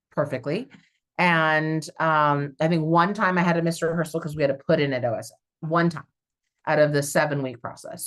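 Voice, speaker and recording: Woman, low voice, from southern california, stage actor, animated casual storytelling, lots of ums. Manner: animated, chatty, with frequent fillers. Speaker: stage actor, interview guest.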